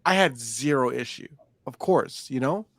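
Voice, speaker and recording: A man's voice: mid-range voice, expressive, unhurried, fairly bright tone, no echo, studio quality. A young man co-hosting a casual chat podcast, talking in a laid-back, rambling way with lots of fillers and restarts. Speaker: podcast co-host.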